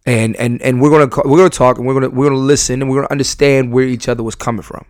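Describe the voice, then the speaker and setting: A man at a middle pitch talks straight into a dry, close mic on his podcast. He speaks emphatically, circling back over his own phrases as he works out a thought. His voice jumps from loud bursts to low, quiet asides. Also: fairly even intonation, racing, dry recording. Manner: emphatic, repeats and restarts phrases. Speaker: podcast host. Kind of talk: candid podcast monologue.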